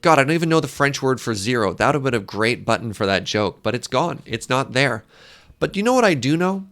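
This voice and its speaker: Gravelly-voiced man streaming with chat. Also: mid-range voice, big pitch swings, fairly quick, a bit bright, soft background music. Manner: joking, self-deprecating, chats with viewers. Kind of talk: casual live-stream chat while gaming.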